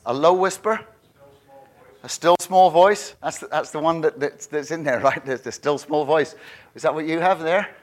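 A man delivering a sermon in an easy, conversational manner. His voice sits a little high for a man, and he doubles words as he drives a point home. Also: moderate pace. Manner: conversational, repeats words when stressing a point. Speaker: preacher.

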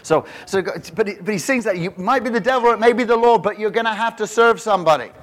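A man preaching, his voice a touch higher than most men's. He tells a story with animated energy and breaks into voices for the people he quotes. He laughs often as he goes. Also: fast. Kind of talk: sermon with storytelling.

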